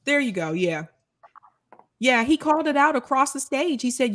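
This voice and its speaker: A woman's voice: high voice, big pitch swings, moderate pace, fairly bright tone. A woman co-hosting a podcast, chatting casually with hesitant fillers. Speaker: podcast co-host. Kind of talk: casual chat.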